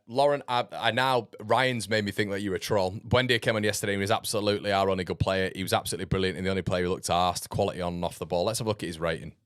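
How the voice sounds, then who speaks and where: Male football streamer, low voice, dry close sound, blunt and sarcastic. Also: fairly bright tone, clear, resonant tone, no room sound. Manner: blunt, sarcastic, laughs often. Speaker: football fan channel host. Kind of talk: casual livestream chat reading comments.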